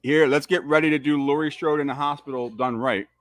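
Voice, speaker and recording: Male host for a live movie reaction: hyped, profane fan energy, slightly high voice, dry close sound. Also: a little fast, no room sound. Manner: excitable, profane fan riffing.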